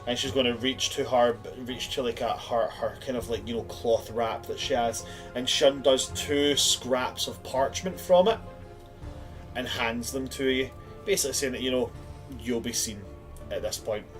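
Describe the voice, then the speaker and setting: A man narrating a tabletop fantasy game as its game master. He rambles easily, with plenty of fillers and restarts, and sits in the middle of the usual male pitch. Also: normal speed, music in the background.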